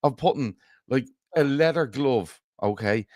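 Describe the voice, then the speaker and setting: A man co-hosting a football fan show in casual chat, laughing easily and putting on mock phone calls in a lower voice. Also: a little slow, a little mellow, no echo, clean studio sound. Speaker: football podcast co-host.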